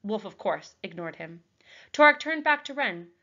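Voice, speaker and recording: A woman teacher reading a novel aloud to her class, expressive and clear. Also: mid-range voice, normal speed, dull audio. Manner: expressive storytelling.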